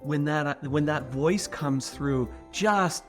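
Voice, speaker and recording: A man's voice: a little high, takes it slowly, fairly bright tone, soft background music. Conversational man on a podcast. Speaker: podcast co-host, advertising consultant. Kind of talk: casual chat.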